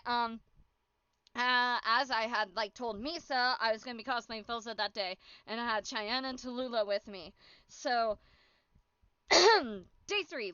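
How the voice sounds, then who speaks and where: A woman's voice: a little high, bright, forceful tone, clean tone, no echo. A young woman streamer giving a casual, bubbly recap, giggling and acting out what people said to her. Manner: bubbly, giggly, acts out quoted exchanges. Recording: dull, lo-fi dry stream audio.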